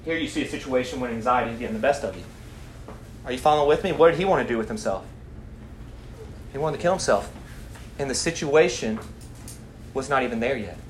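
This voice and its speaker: A man's voice: medium pitch, animated, quick pace, pauses often. A young man leading a Bible study, preaching animatedly, asking the group questions and reading scripture aloud. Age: young adult. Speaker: student Bible study leader. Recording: echoey room, faint background noise.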